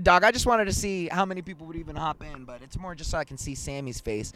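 A young man hosting a casual podcast over a video call, telling stories in an animated, slangy way and swearing a lot. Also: a little high, fast talker, hardly any pauses. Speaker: podcast host. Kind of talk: casual chat.

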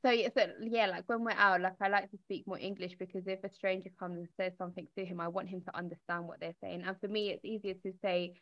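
A woman in casual chat, telling stories in an animated way. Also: medium pitch, fast, few pauses, highs cut off.

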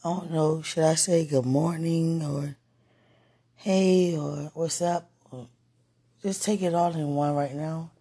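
A man recording an emotional late-night vlog, overwhelmed and near tears, pleading and sighing in breathy whispers. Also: a little high, fairly even intonation, slow pace, mellow. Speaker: vlogger.

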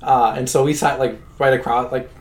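A young man in casual chat, laid-back and halting, with lots of "like" and "uh". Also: medium pitch, fairly even intonation.

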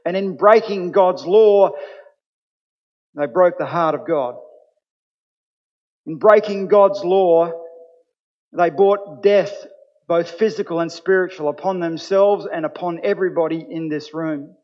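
A man's voice: sits high, unhurried, long pauses, a little mellow. A man preaching a sermon as pastor, earnest and building to emphatic points. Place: church. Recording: dull sound with long hall reverb.

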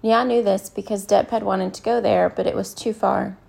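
Audiobook narrator: woman, measured, mellow, gravelly. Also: mid-range voice. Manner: calm, measured storytelling. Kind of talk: scripted narration.

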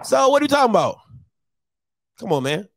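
High pitched guy arguing football on a sports show, pushy, keeps hammering the same point, very up and down voice. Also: sing-song, fairly quick, vocal fry, noisy background. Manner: argumentative, insistent, repeats points. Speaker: sports talk show panelist. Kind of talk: heated sports debate.

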